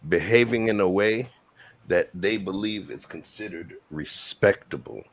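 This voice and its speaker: A man's voice: deep voice, a little slow. A man hosting a casual panel discussion, explaining his points emphatically and repeating words for weight.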